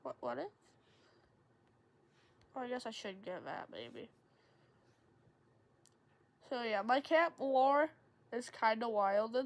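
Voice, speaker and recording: High-pitched gamer girl, rambly storytelling, says like a lot, voice swoops up and down. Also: slow pace, long pauses. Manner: rambling, lots of "like" fillers; animated, jumps into high excited tones. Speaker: streamer. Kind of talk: casual storytelling while gaming.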